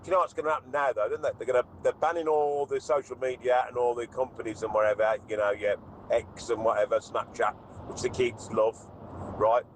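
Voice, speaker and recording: A man's voice: medium pitch, flat delivery, fairly quick, slight background noise, poor audio. A middle-aged man, calling in to a radio show, blunt and exasperated. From Birmingham, England. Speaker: radio caller.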